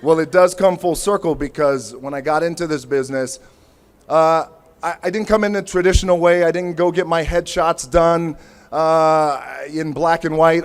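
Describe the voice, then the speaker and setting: A man in his forties speaks off the cuff at an outdoor ceremony, his voice sitting a little high for a man. He thanks people one by one and slips in playful jokes at his own expense. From United States. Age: 40s. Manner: playful, self-mocking asides. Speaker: honoree giving an acceptance speech. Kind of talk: unscripted ceremony speech.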